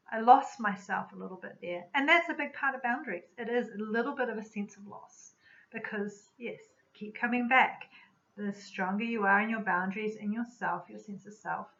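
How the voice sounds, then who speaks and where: A woman who works as an energy medicine practitioner, giving a spoken teaching talk in a calm, reflective, unhurried way. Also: mid-range voice. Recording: slightly dull lo-fi recording.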